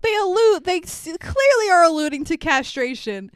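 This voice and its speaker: A woman's voice: extremely high pitch, normal speed, dry recording. Woman, casual podcast chat, laughing storyteller, dry close sound. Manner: animated, laughing storyteller acting out quotes. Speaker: podcast co-host recapping a movie.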